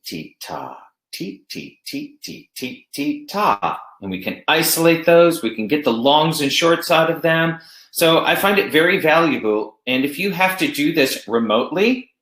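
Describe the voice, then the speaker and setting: Male music teacher presenting online, animated delivery, echoey room sound. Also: medium pitch. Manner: explains classroom games, speaks chants in rhythm.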